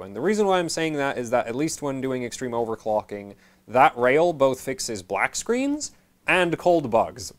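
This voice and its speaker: Rambling man explaining hardware repair. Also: mid-range voice. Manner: rambling, self-correcting, many fillers; dry sarcastic asides. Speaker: channel host. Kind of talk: casual technical explainer.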